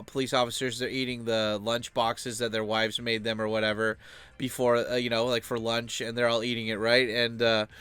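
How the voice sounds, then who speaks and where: Young man, casual rambling monologue, filler-heavy, smooth voice, dry close sound. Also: mid-range voice, a bit bright, no echo. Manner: loose and chatty, heavy with filler words. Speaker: channel host.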